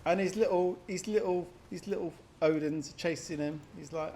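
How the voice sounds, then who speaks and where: A man commentates a strategy match in a relaxed, rambling way, teasing players by name and slipping into goofy voices. His voice sits a bit on the high side. A faint noise hums under the recording. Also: moderate pace. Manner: chatty, laughs often, puts on silly voices for players. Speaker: game caster. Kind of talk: casual game commentary.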